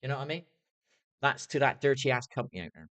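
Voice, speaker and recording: A man's voice: mid-range voice, expressive, fast, fairly bright tone. A young man livestreaming an angry, swear-filled rant, often asking "do you know what I mean". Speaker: streamer.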